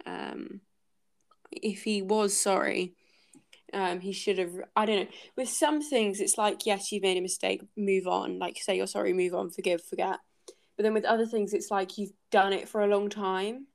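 A woman's voice: medium pitch, fairly even intonation, measured pace, gravelly. A woman hosting a casual book-club podcast, thinking aloud and hesitating with many fillers as she talks through a chapter.

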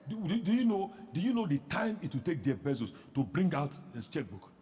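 A male pastor with a high voice that swings widely as he preaches, pressing rhetorical questions and breaking into shouts. The sermon carries a long echo, as if spoken in a large hall. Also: sing-song, brisk.

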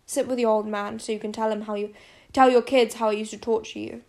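A woman voicing a gentle, caring middle-aged father in an audiobook, speaking softly and tenderly. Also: on the high side, flat delivery, quick pace, creaky. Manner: soft, quiet and tender. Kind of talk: audiobook character voice.

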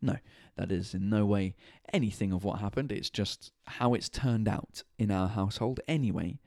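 A man's voice: on the low side, normal speed, a little mellow, no echo, studio quality. Tired man chatting casually. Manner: swears freely, rambling and chatty. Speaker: podcast and livestream host. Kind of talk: casual chat. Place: home kitchen at night.

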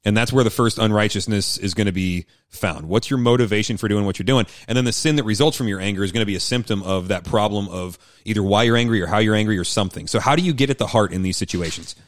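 A man co-hosting a faith talk show, chatting quickly and with animation. He often restarts his sentences. The sound is dry and close to the mic. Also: fairly low pitch, no echo. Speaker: podcast co-host. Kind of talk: casual faith podcast chat.

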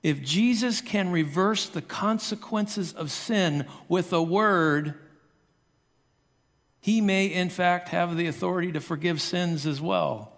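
A man preaching a sermon, telling the story in an animated way and acting out the voices of the characters. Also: high-pitched, long reverb tail. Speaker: pastor.

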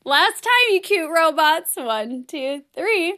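A young woman hosting a children's lesson, gentle, playful and encouraging, laughing often as she talks to kids. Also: extremely high pitch, expressive, slow, hardly any pauses. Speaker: children's program host. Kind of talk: children's lesson with song and breathing game.

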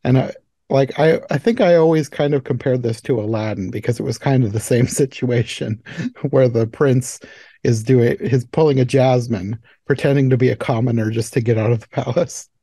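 A man's voice: mid-range voice, normal speed, warm tone, husky, dry recording. A man hosting a podcast, chatting casually about a movie with many fillers and frequent laughs. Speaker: podcast host. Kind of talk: casual chat.

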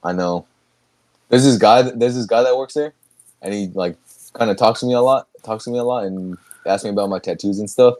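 A man's voice: fairly low pitch, a little fast, a little mellow, no echo. A young man hosting a podcast, chatting casually, rambling with restarts and laughing often. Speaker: podcast host. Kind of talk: casual chat.

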